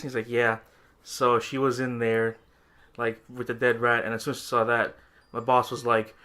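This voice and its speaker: A man's voice: mid-range voice, a little fast, sharp tone. A man co-hosting a podcast, telling a story in casual chat, laughing often and acting out quoted lines. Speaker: podcast co-host.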